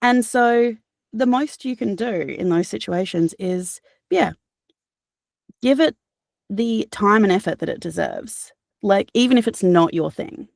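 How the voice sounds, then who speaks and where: A woman's voice: medium pitch, lively intonation, a little slow, vocal fry, no room sound, clean studio sound. A woman with an Australian accent, a narrator and voice actor, talking earnestly in an interview, with many fillers and restarts. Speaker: guest, audiobook narrator and voice actor. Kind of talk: casual interview chat.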